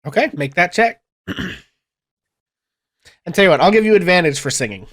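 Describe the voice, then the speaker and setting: A game master running a tabletop game online, rambling and animated about the rules. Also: medium pitch, moderate pace.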